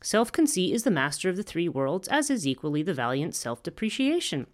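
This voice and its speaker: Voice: medium pitch, big pitch swings, voice pushed up, natural voice. Someone voicing a serene smiling goddess. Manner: measured, formal recitation. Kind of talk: reading a scripture passage aloud.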